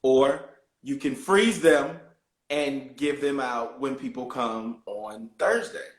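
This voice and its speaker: A man's voice: mid-range voice, slow pace. A man hosting an interview over a video call, easygoing and curious as he asks questions. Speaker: host. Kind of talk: casual interview chat. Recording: roomy echo.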